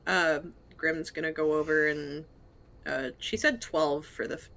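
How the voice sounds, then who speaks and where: A player in a tabletop game, reasoning things out quickly and practically. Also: medium pitch, steady tone, vocal fry, sharp tone.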